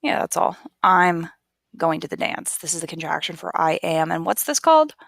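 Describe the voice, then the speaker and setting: A woman teaching basic English grammar, explaining patiently and repeating each word slowly for learners. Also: sits low, big pitch swings, gravelly, fairly bright tone, no echo, clean studio sound. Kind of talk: slow, careful classroom explanation.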